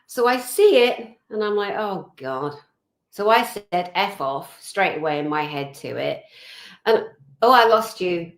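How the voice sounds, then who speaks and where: A woman telling a personal story in a chatty, animated way over a video call, with lots of fillers. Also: medium pitch, normal speed. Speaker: guest.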